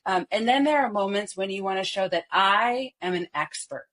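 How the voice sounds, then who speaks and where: A woman's voice: mid-range voice, normal speed, few pauses. A woman voice coach on a podcast, speaking expressively and showing how to shift her voice. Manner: expressive, demonstrates vocal styles. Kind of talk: podcast interview.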